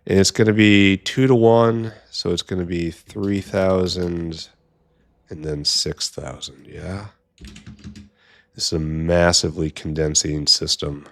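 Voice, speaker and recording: A deep-voiced man talks his way through a long gameplay session at an unhurried pace, half to himself. His commentary is casual and dotted with dry, wry asides. Keyboard clicks and typing sit behind him. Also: steady tone, gravelly. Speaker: gameplay streamer.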